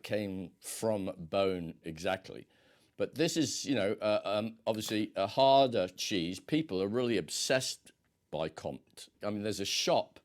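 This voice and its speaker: Guy running a quiz, lots of uhs and ums, slow and easygoing. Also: on the low side. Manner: rambling, with many hesitations and fillers. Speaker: quiz host. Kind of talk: casual quiz hosting with food tasting.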